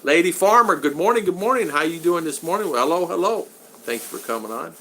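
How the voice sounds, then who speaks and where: A man's voice: fairly high pitch, expressive, a little fast, fairly bright tone, slight background noise. A middle-aged man hosting a casual live stream, chatty, laughing often and thanking viewers over and over. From Florida. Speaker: live stream host reading super chats.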